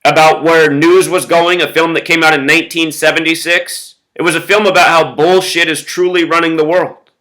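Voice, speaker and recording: A man's voice: a little high, flat delivery, normal speed, pushed and bright, low-quality recording. A man talking straight to his viewers in a casual monologue, emphatic, with lists of repeated words and frequent "you know". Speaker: video blogger.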